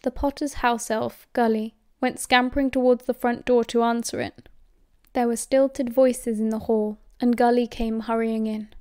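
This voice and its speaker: A woman with a British accent reading audiobook narration at a steady, measured pace. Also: a little high, clear, resonant tone, dry recording, clean studio sound. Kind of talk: scripted narration.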